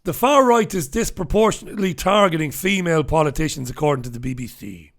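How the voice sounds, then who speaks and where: A man's voice: fairly high pitch, expressive, quick pace. An Irish man hosting a solo newspaper review show, talking bluntly and sarcastically with profane asides while he reads out viewers' comments. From Ireland. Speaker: host. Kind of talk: solo news review show, reading live chat comments.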